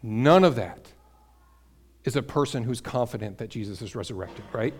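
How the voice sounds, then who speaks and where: A man preaching a sermon to a congregation, building to emphatic peaks and dropping to quiet asides, asking the listeners questions. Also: mid-range voice, moderate pace, slightly rough. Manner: energetic, rises to emphatic peaks then drops to quiet asides. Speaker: pastor.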